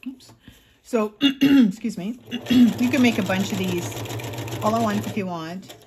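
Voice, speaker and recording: Slow, chatty woman making crafts. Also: medium pitch, noisy background. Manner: chatty, thinks aloud while working, frequent throat clearing. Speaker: craft vlogger. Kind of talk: casual craft tutorial chat.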